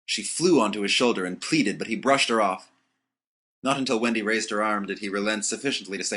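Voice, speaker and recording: A man narrating an audiobook with expressive storytelling. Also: lowish voice, fairly quick, husky.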